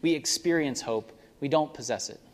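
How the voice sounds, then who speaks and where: A man's voice: medium pitch, normal speed. A young adult male pastor giving a casual, rambling sermon story and prayer, often stopping to correct himself. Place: church sanctuary. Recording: long reverb of a church hall.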